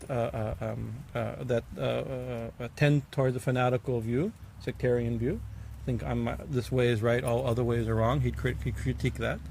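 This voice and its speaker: Gravelly-voiced man giving a halting discourse. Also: mid-range voice, a little mellow, a little hiss or hum. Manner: halting, many fillers and restarts, chuckles, bursts of emphasis. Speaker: swami giving a scripture class. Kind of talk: informal religious discourse.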